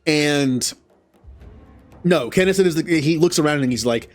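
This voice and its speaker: A man giving casual gameplay commentary. He talks to the characters on screen and yelps loudly at setbacks. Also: a little high, quick pace, soft background music. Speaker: gaming channel host.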